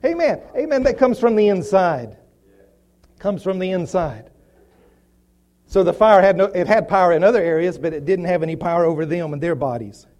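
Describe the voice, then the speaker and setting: A man's voice: high-pitched, expressive, moderate pace, darkish tone, dull audio. A man preaching a sermon, repeating phrases and building to emphatic declarations. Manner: repetitive, rising to emphatic declarations.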